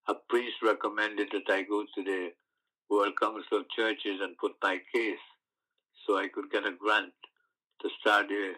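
An older man from the West Indies, recalling his past in an oral history interview, telling stories with halting restarts. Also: lowish voice, low-quality recording. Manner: storytelling, animated recollections with halting restarts.

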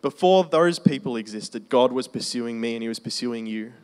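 A man preaching a testimony sermon in a conversational storytelling way, slowing down for emphasis. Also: mid-range voice, darkish tone, clean tone. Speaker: preacher sharing his testimony.

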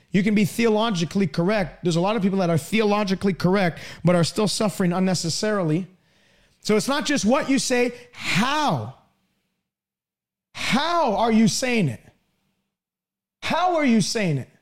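A man preaching a broadcast sermon, emphatic, swinging between raised pleading lines and low, quieter asides.

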